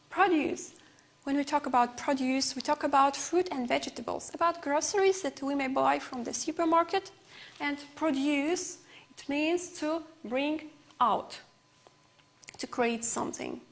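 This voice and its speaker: A woman with an Uzbek accent teaching an English lesson on TV, explaining words slowly and carefully. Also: sits high.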